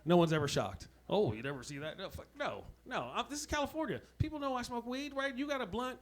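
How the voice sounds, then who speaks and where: A man's voice: extremely high pitch, big pitch swings, quick pace, a bit bright. A man doing a stand-up comedy set on a club stage, with loose, laughing, punchy banter toward the crowd. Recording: noisy live club recording.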